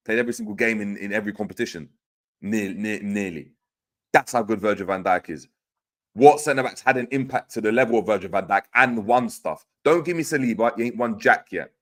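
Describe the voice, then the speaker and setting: A man's voice: lowish voice, a bit bright. A man hosting a livestream, reading chat comments aloud in slangy, teasing banter. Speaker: host reading live chat.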